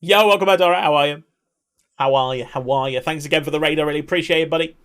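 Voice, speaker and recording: A man's voice: a little high, steady tone, quick pace, a bit bright, clear, resonant tone. Chatty man streaming a game. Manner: chatty, swears, reads chat aloud. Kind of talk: casual gaming stream chat.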